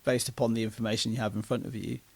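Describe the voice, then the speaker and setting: A man's voice: mid-range voice, little pitch movement, rapid-fire, vocal fry, darkish tone. A man in his late forties co-hosting a casual podcast, chatty and self-mocking as he tells stories. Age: 40s. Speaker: podcast co-host.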